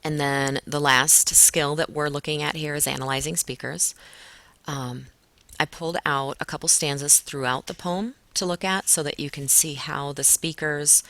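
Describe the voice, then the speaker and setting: A woman teacher with a very low, gravelly voice walks a class through a poem. She explains in a relaxed way with plenty of fillers, and the recording is dry and close. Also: normal speed, no echo. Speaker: English teacher. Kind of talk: recorded classroom lesson walkthrough.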